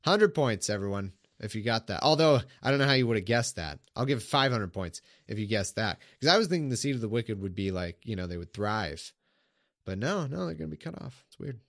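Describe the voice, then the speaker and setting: A man's voice: fairly low pitch, animated, a little fast, no echo, studio quality. A man reads old scripture aloud in a casual way and breaks off into irreverent, sarcastic remarks. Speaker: Bible reader. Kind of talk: casual reading aloud with commentary.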